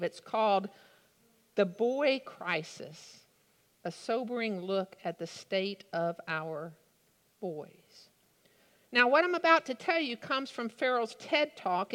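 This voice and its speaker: A woman preaching a sermon in a slow, deliberate way with dramatic pauses. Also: on the high side, a bit bright. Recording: long hall reverb.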